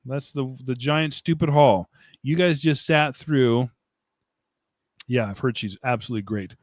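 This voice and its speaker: A man chats his way through a live stream at an average pitch, rambling and poking fun at himself with frequent laughter. He answers viewers' comments as they arrive. His voice sits close and dry on the mic. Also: measured pace, dry recording. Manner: rambling and self-mocking, laughs often, answers chat comments. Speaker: livestream host. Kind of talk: casual live-stream chat. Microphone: desk mic, streaming setup.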